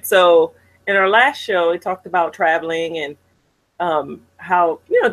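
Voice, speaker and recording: A woman co-hosting a casual chat show, reading viewer comments and telling stories in a candid, animated way. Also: on the low side, low-quality recording. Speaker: podcast co-host.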